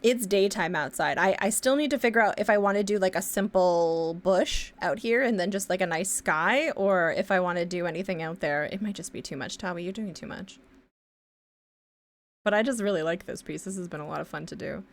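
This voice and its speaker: A young woman with a lowish voice talks a little fast while streaming her pixel art. She chats casually and ramblingly as she draws, swearing offhandedly and humming to herself.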